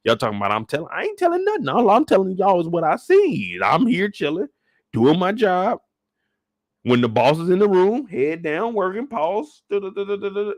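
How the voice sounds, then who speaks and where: Man, comedic show recap host, animated, profane, slightly high voice, dry sound. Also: normal speed, dry recording. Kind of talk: casual comedic commentary.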